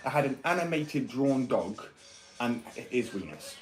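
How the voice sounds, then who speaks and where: A man in his 20s with a medium-pitched, sing-song voice rambles at a moderate pace in casual chat, opinionated and sweary. He's in a workshop room, recorded far from the mic in an echoey space with music behind him.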